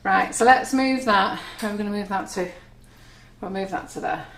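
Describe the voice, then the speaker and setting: A woman's voice: medium pitch, moderate pace, creaky. A woman hosting a live cake decorating demonstration, chatty and giggly, poking fun at herself. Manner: chatty, giggly, self-deprecating. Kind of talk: live cooking demonstration chat. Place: kitchen studio. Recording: echoey room, faint noise.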